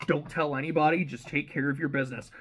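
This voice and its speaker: A man's voice: a little high, fairly even intonation, quick pace, a bit bright, a little hiss or hum, lightly acted. A man voicing a determined young male soldier who rallies his friends firmly. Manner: firm, rallying.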